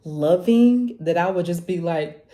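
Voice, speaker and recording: Young woman, low mellow voice, animated, preachy, laughing often. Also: measured pace. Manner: animated, preachy, laughs often, jumps high when quoting herself. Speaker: vlogger. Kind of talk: casual confessional talk to camera.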